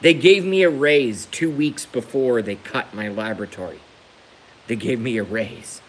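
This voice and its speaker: A man's voice: mid-range voice, measured pace, a little hiss or hum, low-quality recording. A man ranting on a live stream, emotional and emphatic, repeating his points to hammer them home. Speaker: livestreamer.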